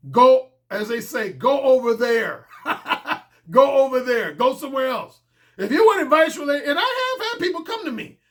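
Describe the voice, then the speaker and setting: Male dating coach, high forceful voice, blunt and profane, hammers points by repeating them. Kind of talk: blunt casual monologue.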